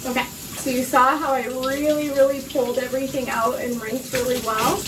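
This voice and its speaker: This hair care vlogger talks at a moderate pace in a high, flat voice while showing how to wash hair in her bathroom shower. She's casual, chatty and instructive, with many fillers, and a little out of breath. Running water and other noise fill the background, and the mic is distant.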